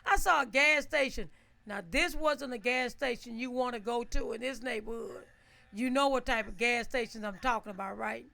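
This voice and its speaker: High-pitched, lively woman telling a story. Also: moderate pace, creaky. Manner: animated, laughs often, asks listeners "right?"; acts out her own shouts and quotes. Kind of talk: casual storytelling.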